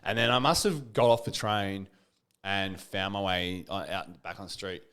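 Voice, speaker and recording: Low-voiced man. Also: normal speed, fairly bright tone, clear, resonant tone. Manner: rambling storyteller, many "like" fillers. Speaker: podcast guest. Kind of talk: casual chat, telling a story.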